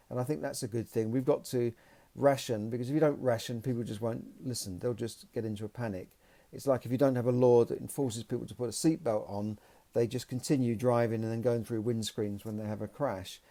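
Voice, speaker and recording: A man's voice: medium pitch, steady tone, a little fast, warm tone. A man hosting a solo podcast, commenting in a rambling, opinionated way. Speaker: podcast host.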